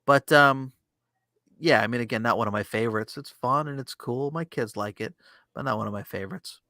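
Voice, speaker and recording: Guy in his 30s on a podcast, rambly and swears a lot, bright voice, dry close sound. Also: mid-range voice, a little fast, no echo. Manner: rambling, profane, with many fillers and restarts. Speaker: podcast co-host. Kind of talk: casual round-table chat.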